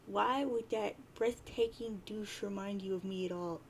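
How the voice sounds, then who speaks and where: A woman doing a brash bird-fused teen boy, cocky, offhand, a little gravelly. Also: mid-range voice, measured pace, a little hiss or hum, natural voice. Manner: reading chat lines aloud in a near-plain voice.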